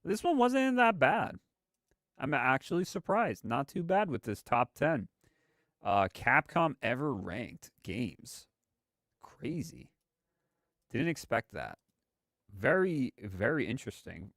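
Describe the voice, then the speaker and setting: A man's voice: medium pitch, sing-song, takes it slowly, fairly bright tone, no echo. Rambling man streaming, dry sound. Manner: rambling, hesitant, many fillers. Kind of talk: casual live-stream commentary.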